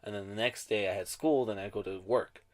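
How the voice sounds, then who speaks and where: A young man with a low voice co-hosts a casual podcast chat. He talks in a laid-back, reflective way and drops the odd curse word. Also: brisk. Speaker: podcast co-host.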